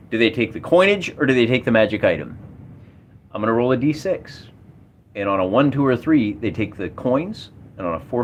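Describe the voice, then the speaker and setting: Guy narrating his solo tabletop game, rambly and excited, voice bouncing all over, faint hiss in the background. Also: medium pitch. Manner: enthusiastic, rambling with restarts. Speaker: solo wargamer running a game. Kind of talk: casual game commentary.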